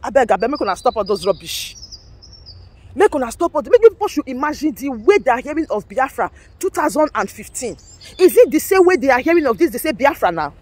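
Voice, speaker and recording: A woman's voice: sits high, very animated, brisk, darkish tone. A woman with a Nigerian accent delivering a heated, scolding vlog rant. She repeats herself and switches between English and Pidgin. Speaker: political commentator.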